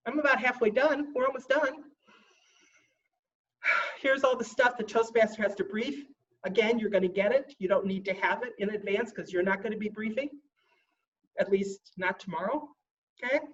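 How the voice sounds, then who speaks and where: A woman running a training briefing who slows down to stress key points and calls herself a fussy stickler. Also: fairly high pitch, distant mic, muffled recording. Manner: self-described fussy stickler. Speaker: contest trainer.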